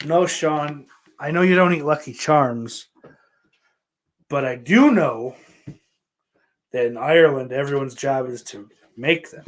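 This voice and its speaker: A man from hosting a podcast, rambling in casual chat, with lots of swearing, fillers and restarts. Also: medium pitch. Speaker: podcast host. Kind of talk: casual chat answering viewer questions.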